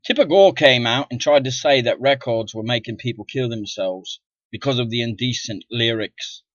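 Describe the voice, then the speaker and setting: An indignant middle-aged man rants into the camera, cursing freely and swinging between low muttering and loud outbursts. His voice sits at an ordinary pitch. The recording is dull and lo-fi, with a dry, close sound. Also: normal speed, dry recording. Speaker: vlogger. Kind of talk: ranting monologue to camera.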